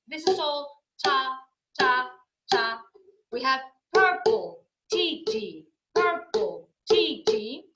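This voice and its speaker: Greek lady music teacher on a video call, pitched a bit high, chanting ta ti ti rhythms, speaks slowly. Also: animated, heavy background noise. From Greece. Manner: patient, demonstrative, chanting rhythm syllables.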